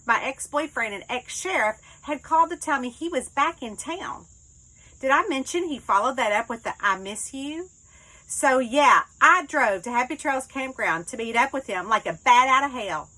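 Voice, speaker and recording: A woman author narrating her own novel in the first person, with lively, expressive storytelling. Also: a little high, low-quality recording. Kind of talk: first-person book reading.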